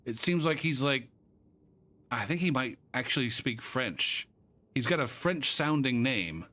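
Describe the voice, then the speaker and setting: A man's voice: medium pitch, animated, a little slow, pushed and bright. A college instructor, a man, ranting casually and profanely with rambling asides. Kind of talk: casual rant to camera.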